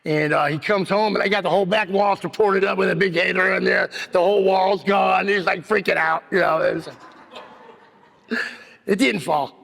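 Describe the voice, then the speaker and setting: A man's voice: high voice, fairly even intonation, normal speed, gravelly, a bit bright. A man giving a rambling personal recovery share at a meeting, full of "you know what I mean.". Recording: long hall reverb.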